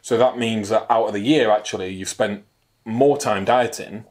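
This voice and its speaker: A man in his thirties co-hosting a laid-back fitness chat. He rambles, swears freely and pokes fun at himself. His voice sits a touch low. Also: moderate pace, darkish tone. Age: 30s. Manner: rambling, sweary, self-mocking. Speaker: podcast co-host. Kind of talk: casual banter.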